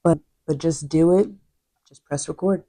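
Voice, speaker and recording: A young woman chatting casually to camera as a book vlogger, drifting into quiet asides. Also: deep voice, steady tone, moderate pace.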